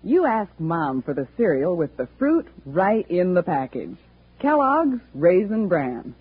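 A woman playing a cheerful ranch woman in a 1950s radio commercial, with a chatty, bright sales delivery. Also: lowish voice, very animated, measured pace, slight background noise. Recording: tinny 1950s radio broadcast.

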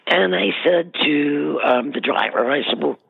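Woman guest, husky gravelly voice, rambling anecdotes full of fillers, dry close sound. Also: low voice, a little slow, no echo, phone-quality sound. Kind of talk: casual interview storytelling.

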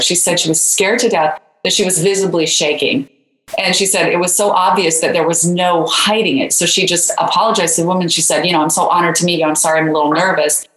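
Low woman's voice, guest author, chatty storytelling full of fillers, roomy echo. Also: a bit bright. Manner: conversational, many "you know" fillers. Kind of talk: interview storytelling.

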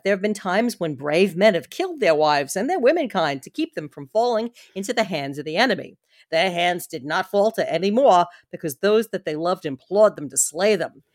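A woman's voice: lowish voice, dry recording, studio quality, close to an everyday voice. A woman reading the part of a devoted, earnest young wife with heartfelt drama.

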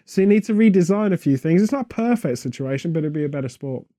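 A man's voice: fairly high pitch, expressive, quick pace, warm tone, no room sound, studio quality. Rambling man on absurd tangents. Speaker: podcast co-host. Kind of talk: rambling comedic chat.

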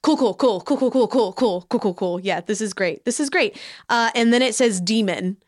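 A woman's voice: on the high side, moderate pace. A woman co-hosting a podcast in casual chat, recapping a story with sarcasm and plenty of swearing. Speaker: podcast co-host.

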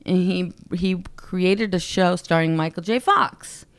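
A woman in her forties, a stand-up comedian, telling animated stories with frequent laughs in a casual podcast chat. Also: lowish voice, smooth, no room sound. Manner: animated, laughs often, quick asides. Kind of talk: casual anecdote storytelling.

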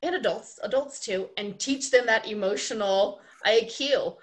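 A woman who works as an ice skating coach, talking as a guest on a podcast in an animated, emphatic storytelling way. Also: on the high side, unhurried. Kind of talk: casual interview conversation.

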